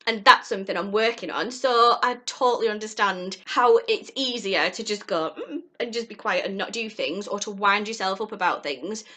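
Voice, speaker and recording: A woman's voice: medium pitch, moderate pace, hardly any pauses, pushed and bright. A young woman talking earnestly to camera in a heartfelt, rambling vlog from home. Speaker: vlogger. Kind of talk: encouraging vlog talk to camera.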